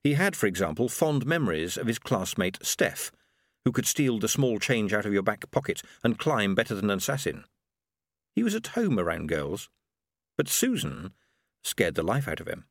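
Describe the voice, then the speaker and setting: A man narrating an audiobook with lively, expressive storytelling. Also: lowish voice, moderate pace, dry recording, clean studio sound. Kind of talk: scripted narration.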